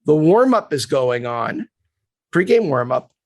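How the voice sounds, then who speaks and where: A male sports agent telling a story on a podcast, animated and acting out the quotes, in a dry, close recording. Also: on the high side, measured pace, dry recording.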